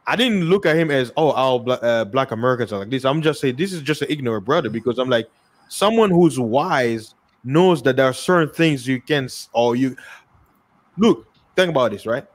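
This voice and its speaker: A man with a Congolese accent talks in a relaxed, unscripted conversation. His voice sits at an ordinary middle pitch. He repeats words as he searches for the next thought. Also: normal speed. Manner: repeats words often and tells stories by acting out both sides of a dialogue. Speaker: guest in a podcast conversation. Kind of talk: casual discussion.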